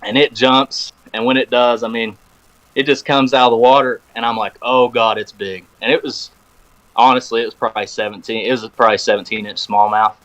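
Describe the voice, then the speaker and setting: Here a podcast guest with a mid-range voice speaks briskly, casually relating a long story and voicing the phone calls he quotes like an animated storyteller. The setting is a podcast recording room, and the recording is low quality.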